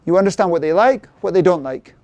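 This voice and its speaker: A middle-aged man presenting a sales workshop who keeps checking in with the audience through quick tag questions. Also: high voice, lively intonation, darkish tone, dry recording. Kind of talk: interactive seminar talk.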